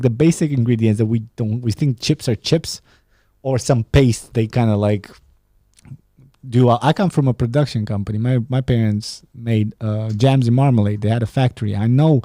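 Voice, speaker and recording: Guy ranting on his podcast, swears a lot, sarcastic, mellow dark voice, dry sound. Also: mid-range voice, no echo. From Romania. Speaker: podcast host. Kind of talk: casual solo podcast rant.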